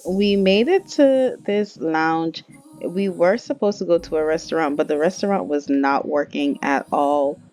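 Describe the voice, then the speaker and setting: A woman's voice: fairly low pitch, a little mellow. A woman narrating a life-sim game story in a chatty, casual way, talking straight to viewers.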